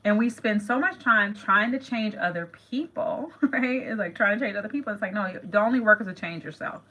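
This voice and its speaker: Bright-sounding middle-aged woman, chatty and emphatic, keeps repeating herself. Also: mid-range voice, expressive, a little fast, poor audio. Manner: chatty, emphatic, repeats phrases, addresses viewers as "you guys". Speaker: manifestation channel host. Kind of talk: casual talk to camera.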